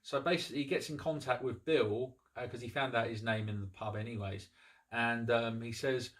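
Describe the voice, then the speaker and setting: A man talking through a film's story for his review channel, in an easygoing, unscripted way. He often pauses on ums and restarts his sentences, and his voice sits at an ordinary middle pitch. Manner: relaxed plot retelling, frequent ums and restarts. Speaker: movie review host. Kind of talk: casual spoken movie review.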